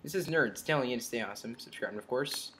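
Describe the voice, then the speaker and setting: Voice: mid-range voice, animated, fast, pushed and bright, slight background noise. A gaming commentator talking through live gameplay, chatty and muttering reactions to the game. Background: keyboard and mouse clicks.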